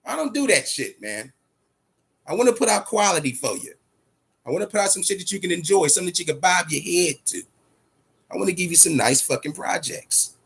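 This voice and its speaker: A man's voice: sits high, big pitch swings, fairly quick, vocal fry, fairly bright tone, slightly rough. A man hosting a boxing show, talking casually and profanely, amped up and fidgety, repeating himself often. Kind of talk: casual livestream talk.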